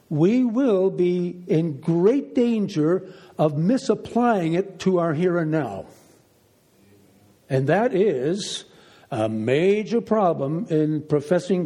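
Man, Bible teacher, high-pitched, emphatic, rhetorical questions, repeats phrases. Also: warm tone.

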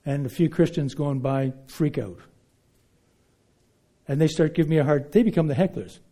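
Swinging from loud declarations to hushed asides, a man preaches emphatically. His pitch is fairly high and he speaks at normal speed.

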